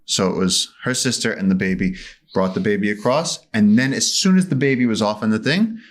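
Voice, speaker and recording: Low-voiced man telling vivid stories. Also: brisk. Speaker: podcast guest. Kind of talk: animated storytelling in conversation. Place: studio.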